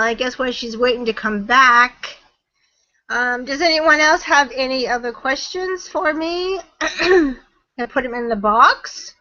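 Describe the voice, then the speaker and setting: Slow bright-voiced woman on a video call. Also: high voice, muffled recording. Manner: chatty, laughs often, trails off mid-sentence. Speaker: guest marketing trainer. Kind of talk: webinar Q&A chat.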